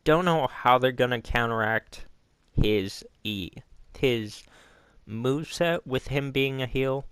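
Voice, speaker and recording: A man's voice: mid-range voice, takes it slowly, a bit bright, clear, resonant tone, dry recording. A man giving a casual, rambling recap of a wrestling show, often stopping to correct himself. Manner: rambling, self-correcting, loose and informal. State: hiccups.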